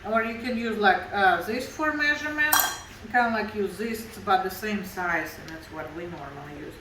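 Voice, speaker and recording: A Russian-accented woman from Russia chats her way through cooking in her home kitchen as a show host, explaining steps in broken English. Medium pitch, moderate pace. The sound is roomy, with heavy background noise.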